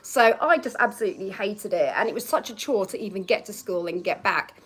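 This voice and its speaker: A woman's voice: medium pitch, animated, brisk, slightly rough. A young woman from Norfolk chatting casually outdoors on a balcony, telling a story and often laughing as she acts out remembered lines. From England, Norfolk. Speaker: vlogger.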